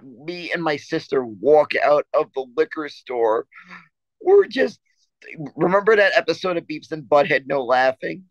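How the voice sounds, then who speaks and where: A man's voice: on the high side, normal speed, few pauses, dry recording, dull audio. A man co-hosting a casual sports podcast, telling a story in a rambling way with many restarts and stammers. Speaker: podcast co-host.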